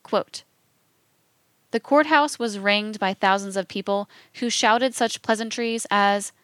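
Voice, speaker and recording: A woman giving a scripted reading of quotations in a measured, even, deliberate way. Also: mid-range voice, no echo.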